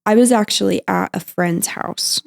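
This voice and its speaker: A young woman guest on a podcast, recounting her mother's hospital visit in a halting, emotional way, with many fillers and restarts. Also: medium pitch, vocal fry. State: emotional, near tears at times. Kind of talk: emotional personal storytelling.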